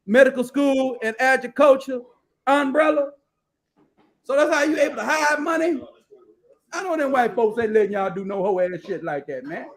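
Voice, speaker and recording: A male host with an extremely high-pitched voice gives casual live commentary while browsing. He's blunt and profane, rambling as he reads figures and definitions off the screen.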